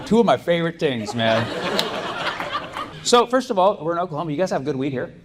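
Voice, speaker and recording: A man's voice: a little high, lively intonation, fairly quick. A young man doing stand-up comedy at a club, talking in a loose, rambling way full of "like" and "you know". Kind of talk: stand-up comedy with crowd work. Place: comedy club stage before a live audience. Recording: live club recording with crowd noise.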